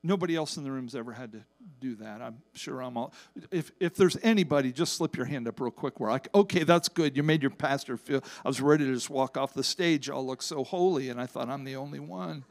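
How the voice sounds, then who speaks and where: A man pastor preaching a sermon from a church stage, with wide swings in pitch and loudness, drawn-out emphasis on key words and casual asides to the congregation. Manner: acts out quoted voices in Bible stories, casual asides to congregation.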